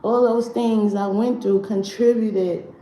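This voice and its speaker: A woman hosting a casual spiritual livestream from home, talking in an animated, profane way and laughing often. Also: medium pitch, slow. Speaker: livestream host. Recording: echoey room, faint background noise.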